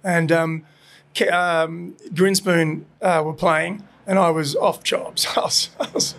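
A middle-aged Australian man telling animated stories in a casual chat, swearing and laughing often as he recounts his past. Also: fairly high pitch, takes it slowly, creaky. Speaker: podcast guest, burger restaurant owner. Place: his burger restaurant.

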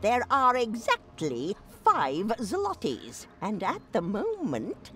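A woman's voice: on the high side, wildly swooping pitch, slow pace, a bit bright, heavily acted. A haughty, theatrical old woman. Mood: dry. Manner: haughty, dramatic, cackling. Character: eccentric old woman, theatrical, sharp-tongued. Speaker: game character. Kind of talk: video game voice acting.

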